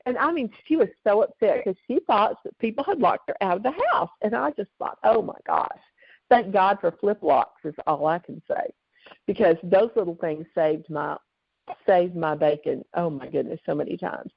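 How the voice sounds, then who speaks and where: A woman, a guest author, telling lively stories during an interview, on a dull, dry recording. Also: fairly low pitch, normal speed, vocal fry, breathy edge, no echo. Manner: animated, lively storyteller. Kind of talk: storytelling in an interview.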